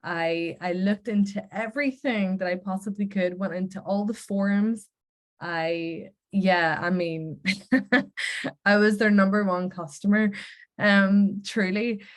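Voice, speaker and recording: A woman's voice: mid-range voice, steady tone, slow pace. A woman with a Northern Irish accent, giving an earnest, heartfelt personal faith testimony. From Northern Ireland. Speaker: Christian speaker sharing her testimony.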